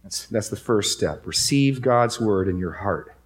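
A man's voice: on the low side, animated, measured pace. A man preaching a sermon to a congregation in a church, speaking emphatically and repeating key phrases for stress. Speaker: pastor.

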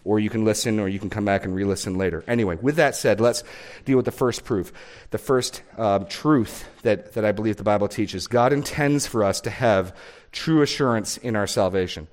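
A man's voice: lowish voice, moderate pace. A man preaching a sermon as a pastor, reading scripture aloud and stressing key words.

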